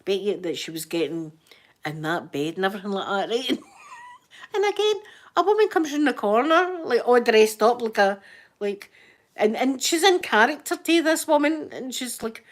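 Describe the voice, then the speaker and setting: Chatting live with her viewers at a moderate pace, this woman from Scotland has a slightly high voice with lively intonation. She tells funny stories in a casual way, often breaking into laughter and performing the voices of the people she quotes.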